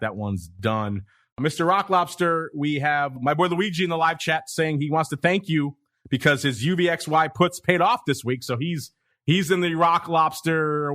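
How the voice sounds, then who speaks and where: Man, podcast host, brisk, chatty, dry close mic. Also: a little high, fairly bright tone, no echo. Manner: brisk, chatty, reads listener mail aloud. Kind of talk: upbeat podcast hosting.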